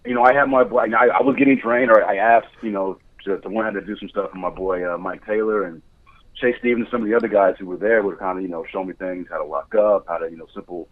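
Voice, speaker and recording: A man's voice: on the low side, steady tone, fast. Man on a tinny phone-like line. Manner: candid, chatty storytelling with frequent laughs. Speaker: guest, motion capture director. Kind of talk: casual podcast chat.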